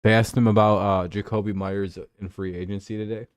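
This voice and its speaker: A man with a fairly low voice rants about football on his own show, profane and sarcastic. The sound is dry and close, with no room around it. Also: level tone, brisk, smooth, no room sound. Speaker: host. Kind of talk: casual football talk show.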